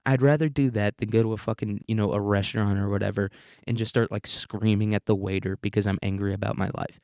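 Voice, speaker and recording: A man's voice: lowish voice, monotone, quick pace, darkish tone, dry recording, studio quality. A man hosting a solo podcast, talking casually in a rambling, profane, self-mocking way and laughing often. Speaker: podcast host.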